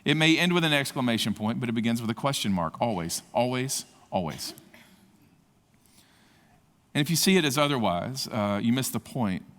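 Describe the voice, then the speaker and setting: A man preaching to a conference crowd, his voice at a middle pitch that rises forcefully whenever he presses a point. His delivery is earnest and impassioned. The sound rings with the long reverb of a big hall. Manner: impassioned, rising to emphatic peaks. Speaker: conference speaker. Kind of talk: sermon.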